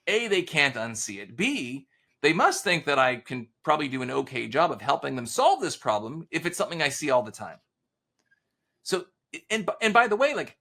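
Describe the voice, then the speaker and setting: A man's voice: on the high side, gravelly, husky. A man being interviewed on a podcast about sales, telling stories and acting out the dialogue as he goes. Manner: animated storyteller, acts out quoted dialogue. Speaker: sales author and consultant guest.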